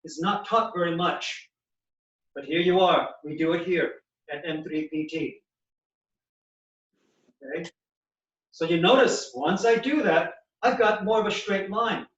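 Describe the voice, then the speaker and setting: A high-voiced male physical therapist walks through knee exercises, explaining each movement as he demonstrates it. He sounds set back from the mic in an echoey clinic room. The audio is slightly dull and muffled. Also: a little slow, pauses often, a bit bright, recorded from a distance.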